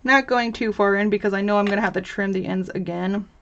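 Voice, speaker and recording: A woman's voice: medium pitch, fast talker, fairly bright tone, dull audio. Chatty young woman hosting a craft livestream. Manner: chatty and bubbly, reads chat aloud, laughs often. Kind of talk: live crafting tutorial chat.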